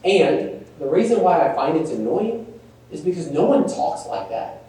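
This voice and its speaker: A man's voice: on the high side, expressive, normal speed, mellow. A man giving a conversational workshop talk on email marketing, asking the audience questions and poking fun at stiff wording. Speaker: workshop presenter. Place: large meeting room. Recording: echoey room, distant mic, faint room noise.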